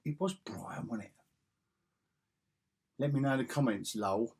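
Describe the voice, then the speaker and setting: Man, unhurried, rambling, musing aloud to himself. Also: mid-range voice, darkish tone, breathy edge. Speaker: comic collector vlogger. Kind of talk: casual chat while flipping through magazines.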